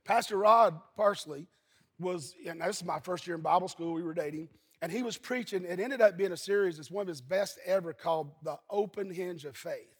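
A high-pitched, husky-voiced man preaches a sermon. He is from Eastern Kentucky and tells folksy stories, now and then breaking into shouts. A long reverb hangs on every line. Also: fairly quick. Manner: folksy storytelling, bursts into shouting. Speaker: pastor.

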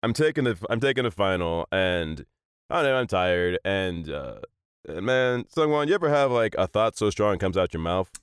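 A man in his thirties, a voice actor, telling stories in a casual chat, animated and laughing often. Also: low-pitched, normal speed, clean tone, no echo, clean studio sound. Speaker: voice actor guest.

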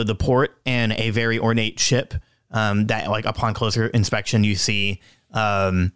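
Smooth-voiced man running a tabletop game. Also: medium pitch, no echo, clean studio sound. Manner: relaxed, halting narration with many ums. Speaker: game master.

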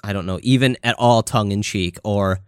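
A man's voice: fairly low pitch, moderate pace, clean tone, dry recording, clean studio sound. A man in his thirties co-hosting a podcast, chatting casually and swearing often. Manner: profane, animated storytelling. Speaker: podcast co-host. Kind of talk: casual chat.

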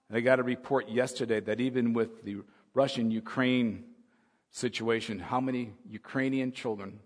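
A male pastor giving a sermon, swinging from soft musing to loud, urgent preaching. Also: medium pitch. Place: church hall. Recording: long hall reverb.

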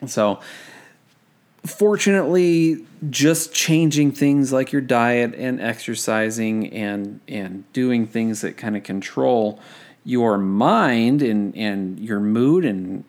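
Young male podcast host, gravelly mid-pitched voice, loose self-mocking delivery full of restarts. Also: takes it slowly, darkish tone. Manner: rambling, self-deprecating, with many fillers and restarts. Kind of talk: casual study-tips podcast.

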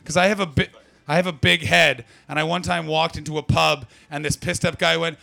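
A man's voice: on the high side, fairly even intonation, fairly quick, creaky, pushed and bright. A man from Canada doing stand-up crowd work, brash and profane as he teases the audience. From Ottawa Valley, Canada. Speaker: stand-up comedian.

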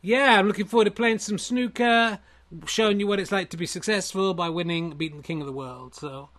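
A man voicing a smug, successful version of himself who brags in a lazy, relaxed drawl. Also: high voice, brisk. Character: smug, laid-back successful man, self-satisfied show-off.

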